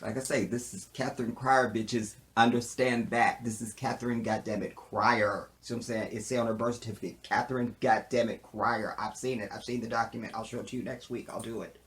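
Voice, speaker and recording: A man talking straight to camera as he recaps a TV episode. His voice sits at an ordinary middle pitch. He jokes around and keeps checking in with "see what I'm saying". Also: steady tone, a little fast, hardly any pauses. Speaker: TV show reviewer. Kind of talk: casual recap commentary.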